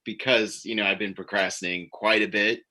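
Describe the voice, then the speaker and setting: A man's voice: lowish voice, fairly even intonation, bright, forceful tone. A man improvising a confused alien envoy who stammers and halts as he talks. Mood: bumbling. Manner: halting, stammering. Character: confused male alien envoy, a mirror double of the captain. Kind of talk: improvised sci-fi comedy.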